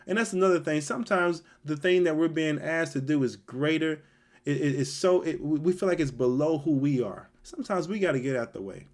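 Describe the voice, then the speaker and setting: A man giving a sermon, reading scripture aloud and acting out the characters' lines in an animated way. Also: on the high side, brisk. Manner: animated, reads scripture then acts out characters' voices. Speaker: Bible teacher.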